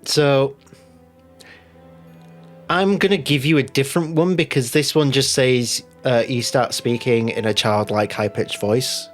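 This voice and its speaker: Brief: male game master, mid-pitched voice, easygoing and giggly, faint music bed. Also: fairly even intonation, unhurried. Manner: laughing, chatty. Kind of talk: running a tabletop game.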